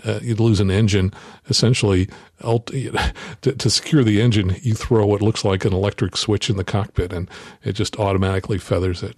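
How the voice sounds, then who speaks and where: A man, a flight instructor, explaining in a relaxed way with plenty of fillers. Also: on the low side, dry recording, clean studio sound. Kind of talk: casual interview answers.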